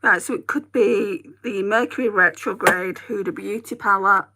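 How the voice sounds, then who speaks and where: A woman's voice: medium pitch, normal speed, noisy background. A woman with a northern English accent, a beauty vlogger chatting casually to viewers while she does her makeup. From northern England. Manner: chatty, rambling, talks to viewers.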